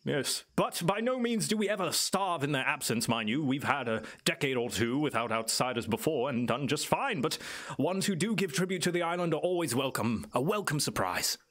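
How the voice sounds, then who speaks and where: A man's voice: on the high side, lively intonation, normal speed, a bit bright. A man voicing a courteous, well-read male ettercap islander in a tabletop game, speaking in polite, formal phrases. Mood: explanatory. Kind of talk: tabletop role-play character voice.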